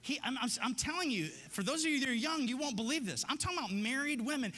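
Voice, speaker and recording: A man's voice: very high voice, animated, quick pace, sharp tone, long reverb tail. A man preaching a sermon as pastor, conversational and joking, building to emphatic repeated lines. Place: church sanctuary.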